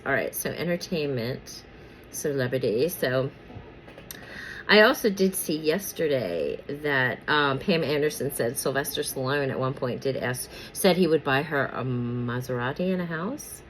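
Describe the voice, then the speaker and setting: A woman's voice: deep voice, expressive, a little slow, a little hiss or hum, rough recording. A woman chatting casually about celebrity gossip while doing her makeup, rambling with many fillers and repeats, and sometimes whispering names as she pulls cards.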